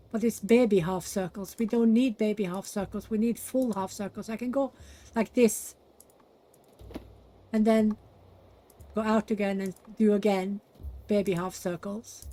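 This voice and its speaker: A woman's voice: mid-range voice, darkish tone. Chatty woman narrating a building game. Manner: chatty, self-deprecating, mutters to herself. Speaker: gaming channel host. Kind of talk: casual let's-play commentary.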